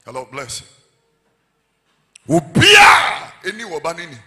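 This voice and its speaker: A man preaching a sermon, shouting in sudden bursts and half-singing his lines into a handheld mic. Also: high voice, wildly swooping pitch, slow pace. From Ghana.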